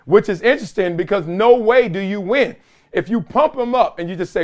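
A middle-aged man hosting a sports talk show, giving casual, animated commentary and acting out other voices in quoted bits. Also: sits high, fairly quick. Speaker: show host.

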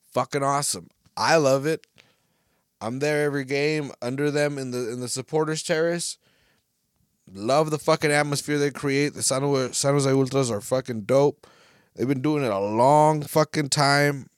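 A man's voice: fairly high pitch, clear, resonant tone, no room sound, studio quality. Profane rambling man podcasting. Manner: profane, rambling, with many restarts; gets loud and heated. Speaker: podcast host. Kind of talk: casual solo podcast rant. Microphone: podcast microphone.

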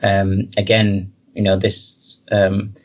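A man's voice: deep voice, completely flat delivery, takes it slowly, low-quality recording. A man co-hosting a casual chat, talking hesitantly with many restarts. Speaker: podcast co-host.

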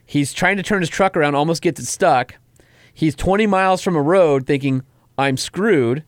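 A man hosting a podcast, telling stories in an animated, chatty way with lots of fillers. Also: fairly high pitch, brisk, dry recording. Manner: animated storyteller, full of fillers. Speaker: podcast host. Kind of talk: casual podcast chat.

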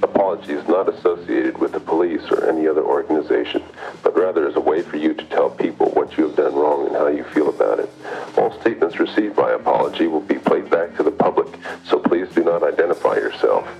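A man reading his phone line's outgoing message in a deadpan voice, played from an old answering-machine tape. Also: very deep voice, fast talker, vocal fry, music in the background.

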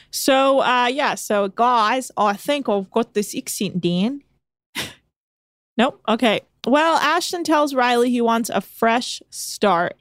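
A woman's voice: a little high, dry recording, clean studio sound. A young woman co-hosting a casual podcast, recapping a reality show in a chatty, sarcastic way and laughing often. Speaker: podcast co-host.

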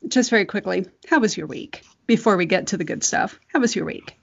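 A woman's voice: mid-range voice, lively intonation, a little fast, creaky. A woman co-hosting a podcast in casual chat, with a wry, dry humor and casual swearing. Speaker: podcast co-host. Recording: dull lo-fi sound.

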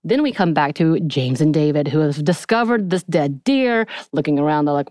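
A woman hosting a podcast, retelling a TV episode in a chatty, animated way and acting out bits of dialogue. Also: sits low, moderate pace, no room sound. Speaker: podcast host. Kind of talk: casual episode recap.

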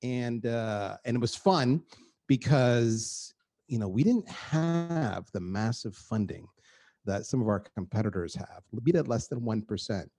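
A middle-aged man, a guest on a podcast, talking in an energetic and emphatic way and repeating words for effect. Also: mid-range voice, a little slow. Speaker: guest, marketing executive. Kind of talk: animated podcast conversation.

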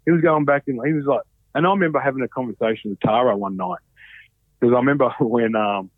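A man's voice: medium pitch, fast, no echo. A man in his thirties with an Australian accent, telling stories as a guest in a casual chat, swearing a lot and rambling with many fillers. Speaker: podcast guest. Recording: dry, phone-like sound.

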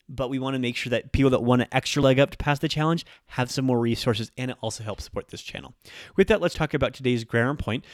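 A man's voice: mid-range voice, no echo. Man teaching in a dry, close voice. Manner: friendly, explanatory, with occasional ums and self-corrections. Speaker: Japanese language teacher and podcast host. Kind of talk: casual podcast lesson.

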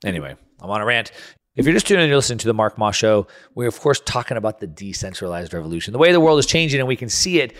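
A man's voice: medium pitch, very animated, rapid-fire. A man hosting a talk show, ranting through political commentary with frequent restarts. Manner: heated, restarting and stumbling over words. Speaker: radio show host.

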